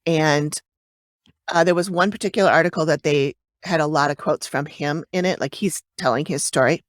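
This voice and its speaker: A woman's voice: sits low, normal speed, no echo, studio quality. A woman co-hosting a casual true-crime podcast, chatty and hesitant, with frequent fillers and restarts. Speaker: podcast co-host.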